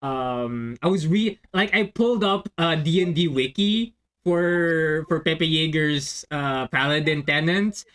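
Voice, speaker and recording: This host and dungeon master has a slightly high, fairly bright voice and takes things slowly with few pauses. Chatting casually with friends as he tells a game story, he rambles, uses many fillers and frequently restarts sentences.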